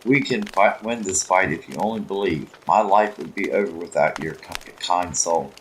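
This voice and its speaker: A man's voice: low voice, normal speed, a little hiss or hum, lightly acted, low-quality recording. A man reading the lines of a grandmother desperate to save her granddaughter, earnest and pleading.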